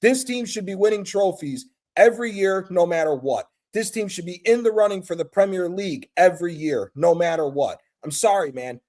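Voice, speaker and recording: High-voiced American guy, heated caller, swears a lot, relentless. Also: normal speed, hardly any pauses, darkish tone. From United States. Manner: passionate, profane, emphatic. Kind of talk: heated call-in rant.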